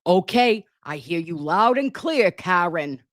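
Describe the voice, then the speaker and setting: A woman's voice: on the low side, expressive, measured pace, no echo, clean studio sound. A woman voicing a pushy, flirting man in a mocking way.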